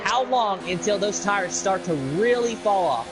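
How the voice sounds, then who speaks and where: A man calling fast play-by-play on an online racing league stream. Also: sits high, animated, background noise. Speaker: sim racing lead commentator. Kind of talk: live esports race commentary.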